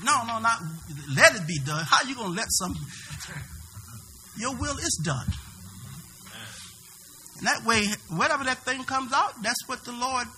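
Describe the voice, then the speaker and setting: Male preacher, high, bright, animated voice, shouts at peaks, faint mains hum in the recording. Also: unhurried, long pauses. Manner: preaching with sudden shouted peaks and call-and-response questions. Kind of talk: sermon.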